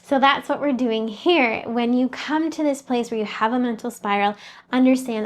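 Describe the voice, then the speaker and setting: A woman with a somewhat high voice speaks as a mindset coach. Her talk is earnest and conversational. She addresses the listener directly, in a motivational tone. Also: moderate pace.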